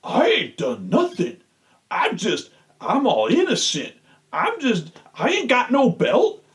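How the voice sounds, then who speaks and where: Guy doing a goofy playing-dumb voice, over the top, high and bouncy. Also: wildly swooping pitch, takes it slowly, fairly bright tone, exaggerated voice. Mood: mock-innocent. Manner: exaggerated mocking drawl. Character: goofy man playing dumb, feigning innocence.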